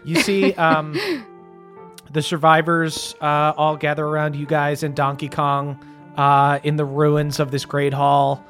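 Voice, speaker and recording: A man's voice: fairly high pitch, flat delivery, unhurried, a bit bright. Guy running a tabletop game, lots of ums and laughs, faint music behind. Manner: laughing often, many fillers. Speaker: game master.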